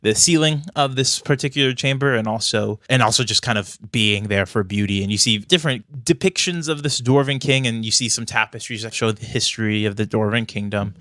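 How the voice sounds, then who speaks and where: Low-voiced man running a tabletop game. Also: a little fast, hardly any pauses, pushed and bright, no room sound, clean studio sound. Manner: loose, casual with many fillers. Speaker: game master.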